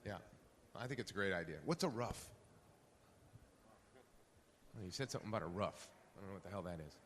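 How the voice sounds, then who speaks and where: A man's voice: sits low, animated, a little fast, a bit bright, slight background noise. Man moderating a panel in a hall. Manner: upbeat, polls the audience, hands off to panelists. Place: conference hall. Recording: long hall reverb.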